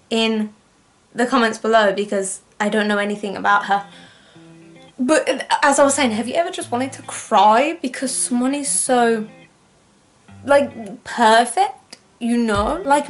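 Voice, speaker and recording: A young woman reacting on her vlog, excitable and rambling, often gasping. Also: a little high. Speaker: music reaction YouTuber. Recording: faint music playing behind. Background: faint music.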